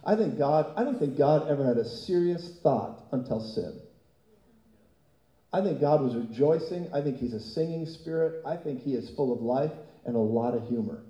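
A man preaching a sermon as pastor, telling an animated story and often laughing. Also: medium pitch, normal speed, echoey room, muffled recording.

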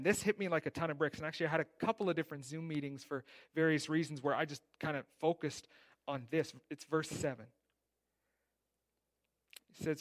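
A man preaching a sermon in a conversational way, often asking "right?", rising loud on key points and dropping soft at the ends of lines. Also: a little high. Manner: conversational preaching with frequent "right?" and rhetorical questions; rises loud on emphasis, drops soft at line ends. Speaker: pastor.

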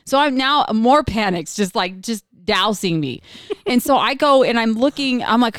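A woman's voice: on the high side, animated, moderate pace, no echo, clean studio sound. A woman in her thirties, a mom telling a chaotic travel story in casual chat, swearing freely and laughing as she goes.

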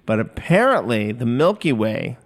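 A man's voice: mid-range voice, very animated, moderate pace. Man, 50s, solo podcast host, loose rambling delivery, cusses, self-deprecating. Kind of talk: casual solo podcast monologue. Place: recording studio. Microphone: studio microphone.

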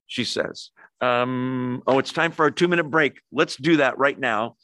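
A man's voice: medium pitch, a little slow, no room sound. An older man teaching the Bible in a chatty, conversational way, often asking his listeners questions. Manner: chatty, asks the audience questions, animated. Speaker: pastor. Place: church hall with in-person and online audience.

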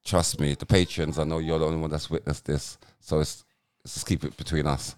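A man's voice: rumbling low, level tone, fairly quick, a little mellow. A man, co-hosting a podcast in teasing, slangy banter. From UK, Jamaican heritage. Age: 40s. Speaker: podcast co-host. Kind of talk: casual banter.

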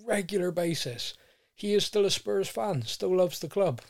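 A man with a fairly high voice co-hosts a casual football chat. He rants and jokes with animated energy, getting loud when riled up. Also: moderate pace, creaky. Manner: animated, ranting, jokey. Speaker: podcast co-host.

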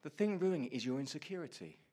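A man telling a funny personal story in a sermon to a congregation, acting out his own lines loudly. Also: fairly high pitch, fast. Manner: animated storyteller, shouts quoted lines. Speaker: pastor. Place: church hall before a congregation.

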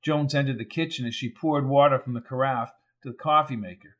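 A man reading a crime novel aloud in even, measured scripted narration. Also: medium pitch. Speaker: audiobook narrator.

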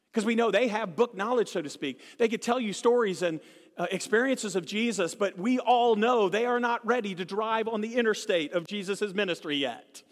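Pastor, man, high voice, humorous storytelling sermon, live church hall sound. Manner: storytelling with humor, animated swings. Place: church sanctuary.

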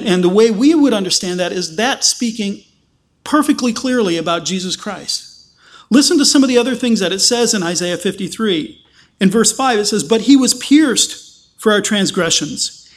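A man with a high-pitched voice delivers a sermon as a pastor. He leans hard on key phrases with slow emphasis, then rushes through asides. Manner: animated preaching with emphatic slow stresses and quick asides.

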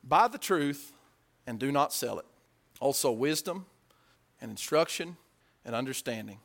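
A man preaching a conversational sermon, asking his listeners questions and acting out quotes, dropping to hushed asides and rising to loud, emphatic peaks. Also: medium pitch, animated, unhurried, vocal fry.

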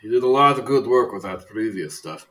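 A man voicing an older male ex-criminal who keeps a tavern and lost his legs, rambling and chuckling with hesitant pauses. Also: fairly low pitch, animated, fairly bright tone, rough recording. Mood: folksy.

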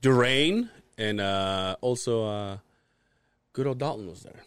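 A man's voice: fairly low pitch, takes it slowly, smooth, no echo. A man co-hosting a podcast, telling stories in a loose, swearing, laugh-filled way. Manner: animated, swearing, laughs through his stories. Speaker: podcast co-host. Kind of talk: casual storytelling chat.

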